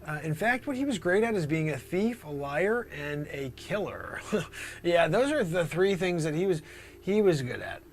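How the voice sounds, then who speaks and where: Fielding questions from chat on his improv comedy livestream, this man swings animatedly between squeaky high voices and hushed whispers. He speaks at a moderate pace, with a little hiss or hum in the background.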